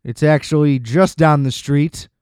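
Profane ranting man, slightly high voice. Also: a little slow, darkish tone, clean tone, no echo, studio quality. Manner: exasperated, profane, rambling. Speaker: podcast host. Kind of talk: casual solo podcast rant.

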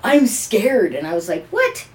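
Animated grandmother telling a family story. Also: mid-range voice, brisk. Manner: animated, acts out voices in her stories. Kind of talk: casual storytelling chat.

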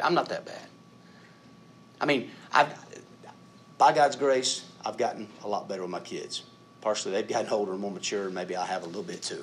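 A middle-aged man preaching a sermon in a conversational, self-deprecating way, laughing at himself and rising to loud emphatic peaks. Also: medium pitch, a little hiss or hum. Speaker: pastor.

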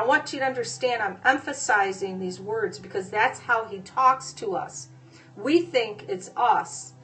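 A woman preaching a sermon, hesitating with fillers at times and then pressing her points with forceful repetition. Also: a little high, recorded from a distance. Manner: emphatic, repeating phrases with rising force.

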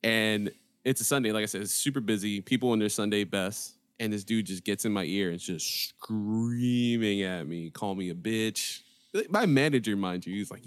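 A man chatting casually, telling an animated story and quoting the people in it. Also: on the low side, moderate pace, clear, resonant tone. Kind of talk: casual chat.

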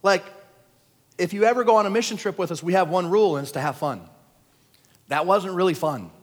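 Pastor with a high voice, animated storytelling sermon; long hall reverb. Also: male voice, brisk. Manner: animated storytelling, dropping to a hush for quiet moments. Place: large church hall.

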